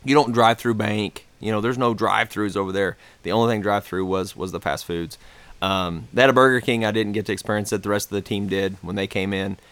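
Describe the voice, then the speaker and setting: A man's voice: lowish voice, fairly even intonation, a little fast, fairly bright tone, clear, resonant tone, no echo. An American man in a casual podcast chat, telling a travel story in a rambling way with many fillers and restarts. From United States.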